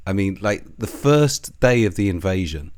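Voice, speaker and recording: A man's voice: low-pitched, expressive, normal speed, darkish tone. A man delivering a profane, scornful, sarcastic political commentary rant. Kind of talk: ranting commentary.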